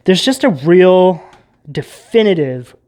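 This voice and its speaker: A tarot reader giving a casual, rambling reading to camera, full of fillers and tag questions, sometimes dropping to a hushed mutter. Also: medium pitch, expressive, takes it slowly.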